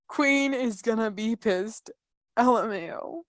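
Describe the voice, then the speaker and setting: Woman narrator for a comedic chat-log reading, sardonic, unhurried, dry close sound. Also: on the high side, no room sound. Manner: sardonic asides.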